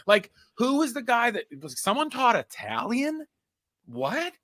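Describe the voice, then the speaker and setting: A man in his forties hosting a podcast, chatting casually and telling animated stories full of put-on quotes and laughter. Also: very high-pitched, a little slow. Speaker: podcast host. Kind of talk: casual chat.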